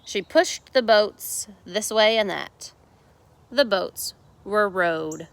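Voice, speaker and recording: A woman teacher reading a picture book aloud in an expressive, unhurried storytelling manner. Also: medium pitch, gravelly.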